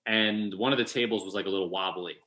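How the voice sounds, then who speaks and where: A man's voice: sits low, fast, poor audio. A young man with a New York accent, a comedian guest telling funny stories in casual chat and acting out the voices of the people in them. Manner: animated, acts out voices in his stories.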